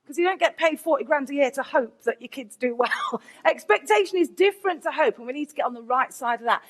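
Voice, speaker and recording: Woman, high voice, conference keynote, candid, animated storyteller, middle-aged. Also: fast. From England, Nottingham. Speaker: keynote speaker, teacher.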